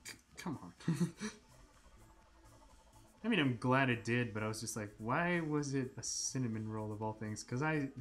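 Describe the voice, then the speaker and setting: A man's voice: mid-range voice, unhurried, pauses often, fairly bright tone, soft background music. A man chatting casually on a live stream while he sketches. He laughs often and slips into silly voices.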